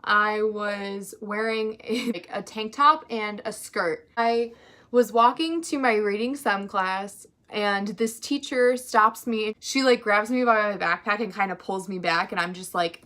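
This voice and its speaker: A teenage girl telling a storytime vlog, chatty and animated, full of "like". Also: mid-range voice, measured pace. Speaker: vlogger.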